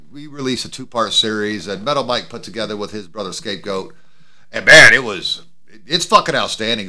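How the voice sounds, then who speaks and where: Lively, bright-voiced man chatting. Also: medium pitch. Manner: loose, profane, laughs often. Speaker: podcast co-host. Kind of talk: casual chat. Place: home studio. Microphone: studio mic with mixing board and headphones.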